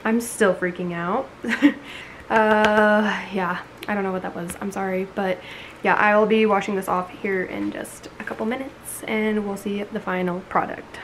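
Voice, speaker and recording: A woman's voice: medium pitch, fairly even intonation, measured pace, a little hiss or hum. A young woman in a casual vlog, talking in an anxious, rambling way with lots of fillers. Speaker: vlogger.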